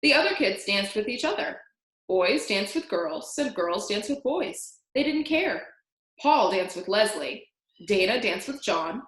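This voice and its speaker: Animated woman reading a children's story. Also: mid-range voice, measured pace. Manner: animated, sings out sound effects. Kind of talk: read-aloud storytelling. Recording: roomy echo.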